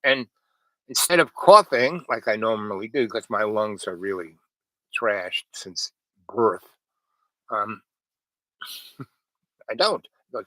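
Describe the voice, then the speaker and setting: Man, meandering casual storytelling, bright tense tone, dry room. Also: on the low side, expressive, a little slow, pauses often, no room sound, poor audio. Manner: meandering, many fillers and restarts, quotes others. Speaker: storyteller host. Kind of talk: rambling casual anecdote.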